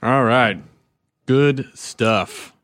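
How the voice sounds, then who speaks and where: A man hosting a podcast in casual chat, quick and self-mocking as he jokes with his co-hosts. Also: mid-range voice, fairly bright tone. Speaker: podcast host.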